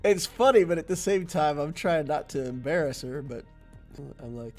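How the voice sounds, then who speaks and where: A man's voice: on the high side, lively intonation, normal speed, darkish tone, faint music behind. A man streaming a mobile strategy game, chatting casually and laughing often as he tells stories between turns. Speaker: gaming streamer. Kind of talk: casual gameplay commentary and chat.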